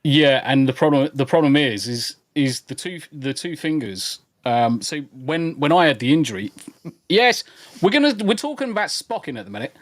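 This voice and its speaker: A man's voice: fairly high pitch, animated, moderate pace. A man hosting a casual, sweary group chat, repeating himself and laughing. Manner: loose, laughing, repeats words. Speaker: podcast host.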